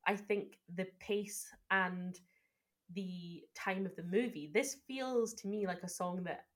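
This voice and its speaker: A woman's voice: mid-range voice, takes it slowly. A young woman co-hosting a casual podcast, talking through a film with gushing enthusiasm and close analysis. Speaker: podcast co-host.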